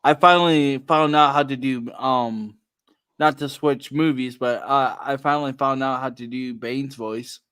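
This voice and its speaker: A man's voice: medium pitch, steady tone, measured pace, fairly bright tone, smooth. A man hosting a casual stream chat, rambling with lots of ums and some cussing. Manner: rambling with many ums and profanity. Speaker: streamer host.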